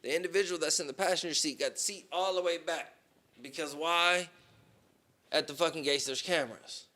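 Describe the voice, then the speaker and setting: A man on a podcast telling a long story in casual, profane talk, with plenty of "boom" and "right?". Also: fairly quick, pushed and bright. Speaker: podcast co-host.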